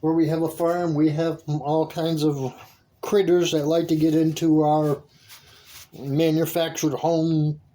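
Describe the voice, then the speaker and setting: Slow, mellow-voiced man rambling on camera. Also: a little high, level tone. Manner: rambling and halting, with frequent restarts; easily delighted, with soft laughs. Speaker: worm-composting vlogger. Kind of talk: casual vlog narration.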